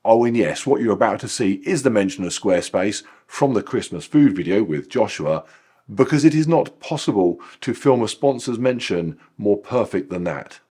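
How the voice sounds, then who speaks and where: Husky-voiced man narrating a vlog. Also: on the low side, expressive, moderate pace, mellow. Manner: dry, wry narration. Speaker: running vlogger. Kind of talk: scripted voice-over narration.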